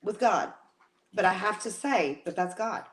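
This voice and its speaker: A woman's voice: mid-range voice, lively intonation, unhurried. A woman co-hosting a casual live-stream chat from home, talking in an emotional, rambling way with many restarts. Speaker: co-host.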